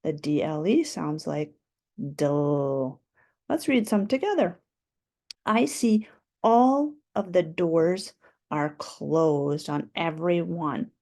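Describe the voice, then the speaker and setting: A woman's voice: deep voice, expressive, slow pace, warm tone. A woman teaching a phonics lesson to young children, patiently stretching out letter sounds and syllables.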